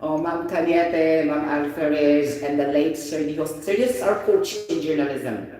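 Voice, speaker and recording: A Filipino man with a Filipino accent teaching an English vocabulary lesson, animated and often asking "you get the point?". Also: fairly high pitch, normal speed. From Philippines. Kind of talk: informal online vocabulary lesson. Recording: very echoey room, voice distant from the mic.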